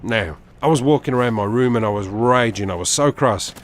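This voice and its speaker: A man's voice: medium pitch, slight background noise. A young man telling a personal anecdote over gameplay, as a gaming video host. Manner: animated, quick anecdotal storytelling.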